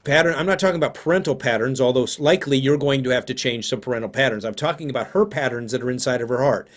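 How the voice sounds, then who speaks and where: Man giving calm, conversational parenting advice. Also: mid-range voice, racing. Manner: conversational, thinking aloud with fillers. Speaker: parenting teacher. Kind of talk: live parenting seminar talk.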